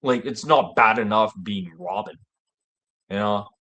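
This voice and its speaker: Guy host, low voice, loose, profane, rambling delivery. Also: unhurried, bright, forceful tone. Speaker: show host. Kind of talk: casual rambling monologue.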